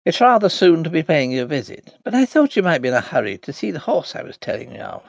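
A male narrator voicing an easygoing Irish country landlord who deals in horses, speaking in a slow, sing-song Irish brogue. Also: a little high, sing-song, vocal fry, dry recording, studio quality, voice pushed up, heavily acted. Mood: coaxing.

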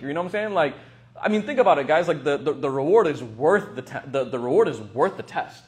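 A young man teaches by telling stories in a casual, animated way, with plenty of filler words. His voice sits a little high for a man. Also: brisk. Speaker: religious teacher. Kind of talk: casual storytelling talk.

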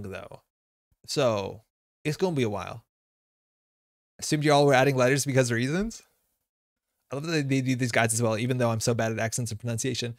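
A man from North America chats loosely with his live-stream viewers, rambling and correcting himself as he goes. His voice sits at an average pitch. The sound is dry and close, with no room around it. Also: no room sound. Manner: rambling, chatty, with frequent fillers and self-corrections. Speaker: streamer playing a card game live. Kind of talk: casual live-stream chat reading viewer comments.

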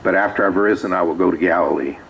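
Man, pastor, very low pitch, conversational sermon, faint background noise. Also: fast, fairly bright tone, low-quality recording. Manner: conversational storytelling with asides. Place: small rural church.

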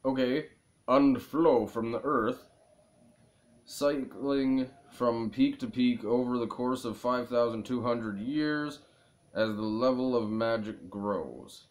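A man putting on a slow, pompous German envoy. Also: mid-range voice, close to an everyday voice. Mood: solemn. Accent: put-on German. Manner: slow, savoring each word. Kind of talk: reading game dialogue aloud.

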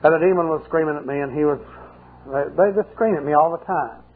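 A man's voice: a little high, brisk, breathy edge. An older male pastor preaching a sermon with folksy, humorous storytelling. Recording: muffled 1980 sermon tape, phone-like.

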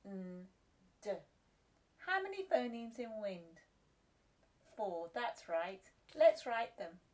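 A woman teaching a phonics lesson to young children, slowly sounding out letters and syllables in a clear, patient way. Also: a little high, very animated, darkish tone. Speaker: reception class teacher.

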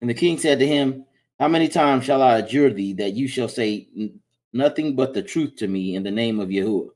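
A man's voice: medium pitch, brisk. Man reading scripture aloud plainly. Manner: plain, steady reading with small slips. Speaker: scripture reader.

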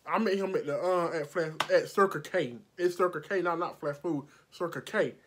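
A woman makeup artist telling a storytime vlog indoors under bright lights, blunt and profane, acting out every quote and sweating from the heat. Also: lowish voice, moderate pace, noisy background.

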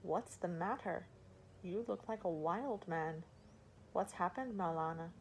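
A woman reading the part of a calm, formal older male harbor master in an audiobook. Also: on the low side, slight background noise, rough recording. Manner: measured and formal, addressing a lord.

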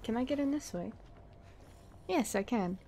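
A woman's voice: on the high side, expressive, measured pace, background noise. A young adult woman streaming a game live, chatting casually, swearing freely and laughing often. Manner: giggly and profane, laughs often. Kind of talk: casual chat while gaming live.

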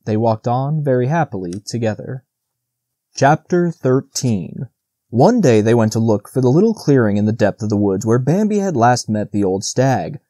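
A male audiobook narrator reading a classic animal tale in a steady, measured way. His voice is mellow and rounded, and the recording is dry and close with no room sound. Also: mid-range voice, no room sound. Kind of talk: scripted narration.

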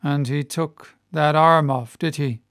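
A man voicing a gruff, obsessed old one-legged sea captain who speaks in a blustery, bellowing way, in an audiobook reading. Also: a little high, steady tone, slow, a bit bright, voice pushed down. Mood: fierce.

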